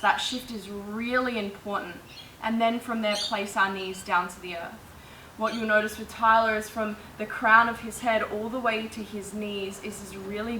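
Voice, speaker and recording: In this guided yoga session, a woman with a mid-range voice calmly talks students through each breath and movement. She is recorded at a distance in a reverberant space, where faint background ambience and a light hiss or hum can be heard.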